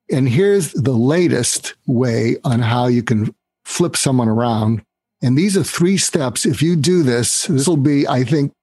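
A man speaking as a guest on an interview show, walking the listener through a sales method in an instructive way. His voice is husky and sits at an ordinary middle pitch. The recording is close and dry. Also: darkish tone, dry recording. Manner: instructive, acts out quoted dialogue. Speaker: guest author. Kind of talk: podcast interview, explaining sales technique.

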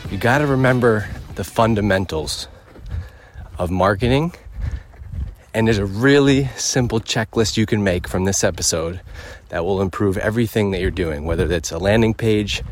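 A man's voice: on the low side, normal speed, a little hiss or hum. Slightly breathless man talking on a walk. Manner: emphatic, punchy checklist delivery. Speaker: podcast host. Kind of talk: casual walking rant. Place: outdoors on a walk.

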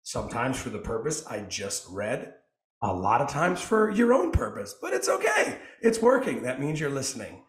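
A man hosting a podcast in casual chat, his voice a bit hoarse, talking in an energetic, joking way. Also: medium pitch, reverberant. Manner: energetic, joking, quick asides. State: hoarse from coaching. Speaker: podcast host.

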